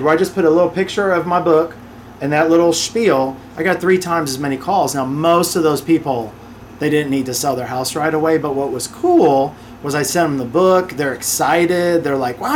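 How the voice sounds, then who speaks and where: A man with a slightly higher voice than most talks through his experiences as an interview guest. He tells each story with animated energy and slips into quick impressions of other people along the way. A faint hiss sits under the recording. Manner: animated, acts out customers' voices in quick asides. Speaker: podcast guest, real estate investor and author.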